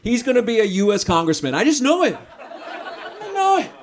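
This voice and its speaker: A man's voice: moderate pace, a faint crowd, a little hiss or hum. A man in his thirties doing a stand-up set at a small restaurant comedy night, talking into a handheld mic. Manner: lively, jumps into high voices for quoted people.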